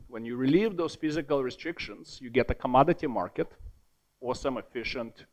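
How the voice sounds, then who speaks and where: A man delivering a conference keynote in an ordinary mid-range voice. He talks in a lively way, repeats words to drive a point home, and drops in wry, self-deprecating jokes. The tone stays that of an academic lecture. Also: medium pitch. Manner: lively, self-deprecating asides, emphatic repetition. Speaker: keynote speaker.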